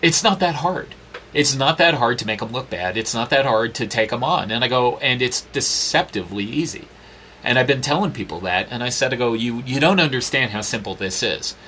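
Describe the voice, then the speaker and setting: Animated sarcastic storytelling man. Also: brisk, slight background noise. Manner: animated, acts out quotes with big pitch jumps; profane, sarcastic. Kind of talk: casual storytelling.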